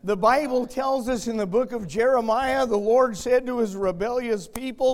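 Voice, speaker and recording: A man preaching a sermon, moving from quiet storytelling to shouted emphasis. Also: very high-pitched, normal speed, few pauses.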